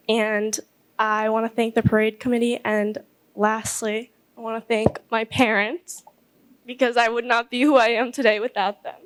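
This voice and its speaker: A woman's voice: a little high, level tone, moderate pace. A young woman giving an emotional farewell speech at a ball, nervous and tearful, stumbling over her words. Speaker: outgoing court member giving a farewell speech. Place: ballroom event.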